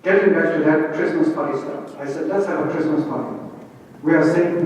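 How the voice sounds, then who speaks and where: A man's voice: on the high side, fairly quick, darkish tone, a little hiss or hum. Man with a Chinese accent, echoey hall. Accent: Chinese-accented English. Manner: anecdotal, quotes his bosses, rhetorical questions. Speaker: conference speaker. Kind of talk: motivational talk to an audience. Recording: distant, echoey hall, dull lo-fi sound.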